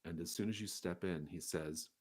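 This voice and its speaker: A man with a very deep voice runs a tabletop game, painting scenes with loose, chatty description. He narrates at an easy pace. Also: moderate pace, slightly rough. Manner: descriptive, with fillers and restarts. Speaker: game master.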